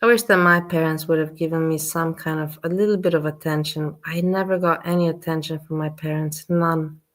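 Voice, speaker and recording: A woman's voice: sits low, fairly even intonation, brisk. A woman hosting a live stream, chatting casually and often restarting her sentences. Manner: chatty, repeats and restarts phrases. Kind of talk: casual chat.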